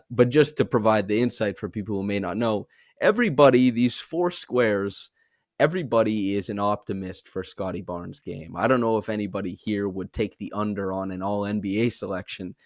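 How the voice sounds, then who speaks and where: A man's voice: on the low side, brisk, no room sound, studio quality. A man in his twenties hosting a casual podcast, joking and rambling through introductions. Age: 20s. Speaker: podcast host.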